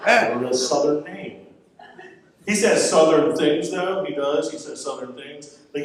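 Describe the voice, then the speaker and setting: A man's voice: on the high side, unhurried, long pauses, a crowd in the background. A man from Florida doing a stand-up comedy set on stage, talking in a wry, conversational, self-deprecating way. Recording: echoey club from a distance. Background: audience laughter.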